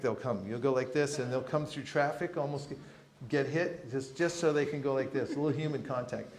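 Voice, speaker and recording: A man with a slightly high voice teaches a lively seminar to a live audience in a temple hall, and the recording sounds roomy and echoing. He's playful and humorous, jokingly acting out street encounters.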